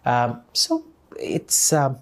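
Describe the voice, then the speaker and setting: A man's voice: mid-range voice, wildly swooping pitch, extremely slow. A man giving blunt, scornful opinions as a guest in an interview. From India. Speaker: guest commentator. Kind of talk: interview conversation.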